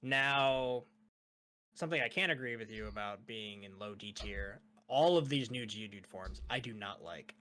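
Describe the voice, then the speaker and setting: Young male host, bright tense tone, loose rambling chat with frequent laughs. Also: on the low side, normal speed. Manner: laughing often, rambling, casual. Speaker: host ranking characters. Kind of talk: casual chat.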